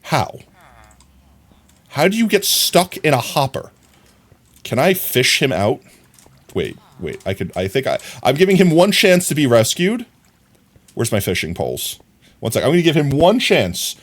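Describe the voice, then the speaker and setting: A man's voice: medium pitch, very animated, normal speed, pauses often. A man streaming a block-building game live, chatting to his viewers and scolding the characters on screen in a playful, teasing way. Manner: talks to game characters, mock scolding, jumps between mutters and outbursts. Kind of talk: casual gaming commentary.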